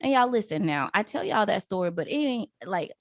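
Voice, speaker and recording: Laughing, animated woman telling her story. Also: mid-range voice, brisk, no room sound. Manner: animated, laughing, addresses listeners as y'all. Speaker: podcast guest. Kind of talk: casual storytelling chat.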